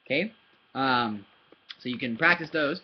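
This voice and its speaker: A man's voice: mid-range voice, measured pace, muffled recording. A man giving a casual, patient German lesson to a child, repeating words and demonstrating sounds. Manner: patient, repeats words and asks "yeah?" often; demonstrates sounds with paper and hand. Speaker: German tutor.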